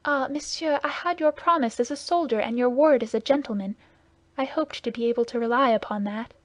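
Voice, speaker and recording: A woman's voice: fairly high pitch, brisk, no echo, close to an everyday voice. A woman voicing an anxious young wife, speaking in an urgent, reproachful way.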